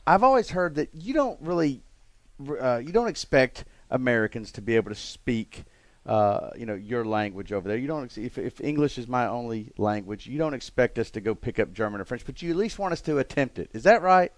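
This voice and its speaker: A man's voice: mid-range voice, fairly quick, no echo. A man hosting a podcast, chatting casually and teasing his guest. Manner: joking, animated, teasing. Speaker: podcast host. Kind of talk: casual chat.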